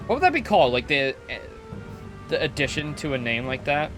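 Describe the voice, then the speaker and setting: A young man commentates a game stream, his pitch leaping between goofy highs and mock-serious lows. He jokes and swears freely, sitting a touch high for a man. Game music plays steadily behind him. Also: a little fast. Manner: loud, excitable, joking, swears. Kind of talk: game playthrough commentary, reading dialogue aloud.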